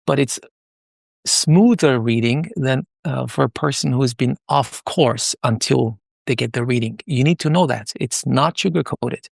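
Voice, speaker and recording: A middle-aged man from Iran, a podcast guest, telling stories in an animated way with many fillers and restarts. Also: mid-range voice, measured pace, vocal fry, no echo, clean studio sound. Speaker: podcast guest, palm leaf reading moderator. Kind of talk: conversational interview storytelling.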